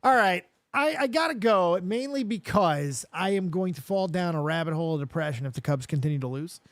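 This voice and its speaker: A male podcast host chatting casually with friends. His voice sits a bit high and swings up and down as he rambles. He swears freely and makes fun of himself. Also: expressive, fairly quick, dry recording, studio quality. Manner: swearing, rambling, self-mocking. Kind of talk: casual chat.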